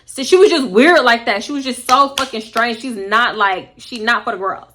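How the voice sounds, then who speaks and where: A young woman with a Houston, Texas accent telling a story to camera, blunt and animated, swearing freely and acting out what people said. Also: fairly high pitch, normal speed, slight background noise. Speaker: storytime vlogger.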